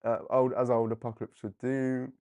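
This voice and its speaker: A man hosting a live comic book discussion, animated and often laughing as he briefly acts out characters. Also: medium pitch, moderate pace. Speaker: comic book livestream host. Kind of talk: casual live commentary.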